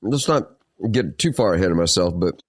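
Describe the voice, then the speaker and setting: Man, podcast host, halting and friendly, low voice, animated pitch. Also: no room sound. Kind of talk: casual interview.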